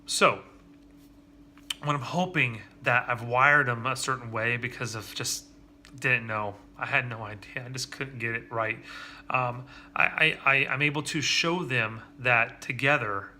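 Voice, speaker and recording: Earnest man in his thirties, bright forward voice, confessional vlog delivery, faint room noise behind. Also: mid-range voice. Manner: earnest, confessional, halting with restarts. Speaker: father vlogger. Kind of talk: candid personal vlog.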